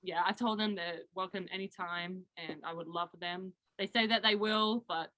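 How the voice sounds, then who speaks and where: A woman's voice: fairly low pitch, fairly even intonation, normal speed, sharp tone, no echo. A young Australian woman, a college basketball player, chatting and giggling on a video call interview. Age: young adult. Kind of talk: casual interview chat.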